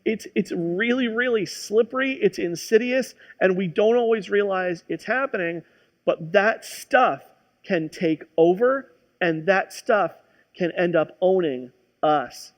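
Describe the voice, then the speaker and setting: This man's voice sits high and he takes his time. He's a pastor preaching a sermon, recounting a personal story conversationally and often restarting his sentences.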